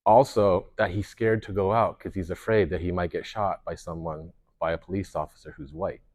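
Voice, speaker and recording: A man, a pastor, leading a workshop in a conversational way, telling stories with lots of restarts and fillers. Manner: animated storyteller, lively pitch swings, many restarts and fillers.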